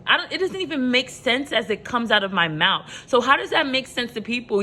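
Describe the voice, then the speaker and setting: A woman from New York with a New York accent and a rough edge to her voice, talking emphatically to camera and repeating her points. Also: mid-range voice. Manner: emphatic, repetitive, rises loud when passionate. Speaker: vlogger giving life advice. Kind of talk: passionate motivational talk to camera.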